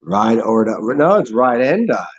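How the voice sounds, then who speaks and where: A sing-song male voice at moderate pace comes through lo-fi audio. He's running a casual livestream, swearing and rambling with sarcasm while mocking people in high, fake voices.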